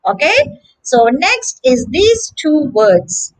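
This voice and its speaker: A woman with a high voice teaches English pronunciation to children. She speaks slowly and carefully, repeating each word as a drill, and her pitch moves a lot between words. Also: big pitch swings, a bit bright, low-quality recording. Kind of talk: slow, deliberate pronunciation lesson for children.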